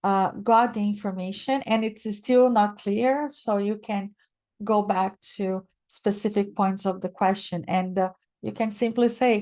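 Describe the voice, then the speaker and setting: A woman's voice: mid-range voice, steady tone, a little slow, darkish tone. Female guest speaker, non-native English, webinar presenter, explanatory, checks in with the audience. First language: not English.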